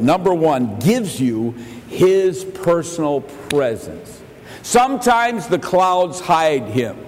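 A man preaching an earnest evening sermon, his voice rising into half-sung exhortation at the high points. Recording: echoey hall with faint rumble.

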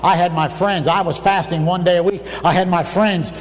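A man preaching a fervent sermon, telling a story and breaking into shouts at its high points. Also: fairly even intonation, normal speed. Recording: distant mic, long hall reverb, faint room noise.

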